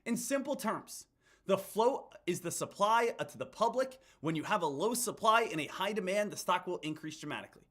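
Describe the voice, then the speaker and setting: Pitched high and a bit bright, this man's voice has lively intonation and a fairly quick pace. He hypes up the stock market emphatically, repeating himself and addressing his audience as "guys" and "team."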